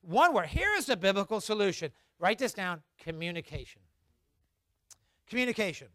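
A man's voice: sits high, sing-song, fairly quick, fairly bright tone, no echo, studio quality. A man preaching a sermon, emphatic and repetitive, leading the congregation in repeating lines and reading scripture in old formal wording. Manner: leads congregation in call-and-response. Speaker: pastor.

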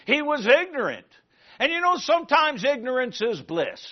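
A man preaching a sermon, retelling a story in an animated way and asking the congregation questions. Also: extremely high pitch, moderate pace. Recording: muffled lo-fi recording.

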